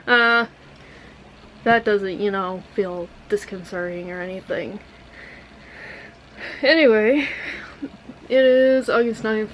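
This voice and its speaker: A woman's voice: medium pitch, a little hiss or hum, low-quality recording. A woman vlogging casually at home into her camera, rambling and candid, sometimes cooing to her cats. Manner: rambling, candid, slow and tired. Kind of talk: casual vlog chat. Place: at home, indoors. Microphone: handheld vlogging camera mic.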